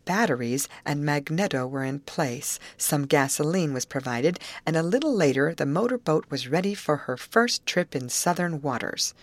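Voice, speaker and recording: Woman audiobook narrator, low voice, lively melody, expressive storytelling, dry close recording. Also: normal speed, few pauses, no room sound. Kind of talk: audiobook narration of a 1913 girls' novel.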